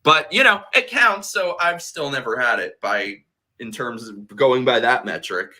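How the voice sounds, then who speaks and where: A man's voice: medium pitch, expressive, measured pace, sharp tone, a little hiss or hum. A tipsy man hosting a casual livestream chat, blunt and heated, swearing freely. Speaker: host.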